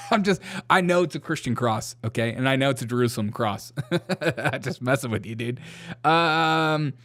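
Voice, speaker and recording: A man's voice: mid-range voice, expressive, moderate pace, fairly bright tone. A man hosting a casual political commentary show, sarcastic and joking, often breaking into laughter. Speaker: show host.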